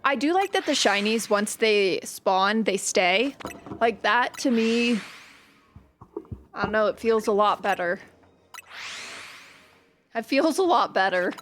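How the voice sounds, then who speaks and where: A woman's voice: medium pitch, animated, slow pace, long pauses, fairly bright tone, slight background noise. A woman hosting a casual gaming video, chatty and playful as she talks through her play and tells stories about her cat. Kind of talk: casual gameplay commentary.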